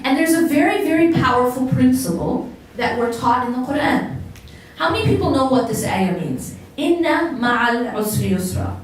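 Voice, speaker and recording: A woman's voice: sits high, sing-song, normal speed, few pauses, a little hiss or hum. A woman giving a religious talk to a live audience as an Islamic lecturer, engaging the crowd with questions. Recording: echoey hall, voice picked up from a distance.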